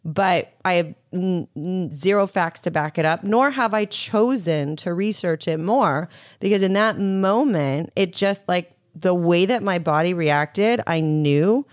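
A woman speaking as a guest, telling a personal story quickly and frankly, with many "like"s. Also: on the low side, smooth, no echo, clean studio sound. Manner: rapid, frank, peppered with "like".

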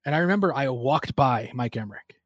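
A man's voice: mid-range voice, expressive, a little fast, no echo. A young man, a sports broadcaster, chatting casually and retelling a story with lots of fillers.

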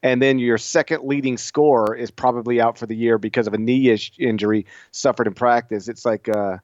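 A man in his thirties co-hosting a sports podcast, bantering in animated, laughing casual chat. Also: medium pitch, brisk, no echo. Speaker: podcast co-host. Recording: dull, lo-fi sound.

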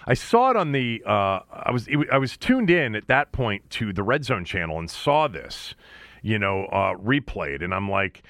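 A blunt male sports talk co-host who swears freely and stumbles into restarts as he builds his case. His voice climbs and drops in a lively way. The sound is dry and close, with no room around it. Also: mid-range voice, no echo. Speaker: podcast co-host.

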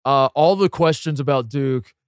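A man's voice: mid-range voice, moderate pace, clear, resonant tone, no room sound, studio quality. A man co-hosting a casual sports podcast, talking animatedly, piling up rhetorical questions with many restarts.

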